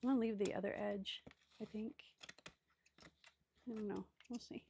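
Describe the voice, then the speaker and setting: Woman crafter, casual rambling chat, mid-pitched voice, faint background clicks. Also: fairly even intonation, normal speed, vocal fry, dark tone, a little hiss or hum. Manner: rambling, thinking aloud, many ums and trailing asides. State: hiccups. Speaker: craft video host.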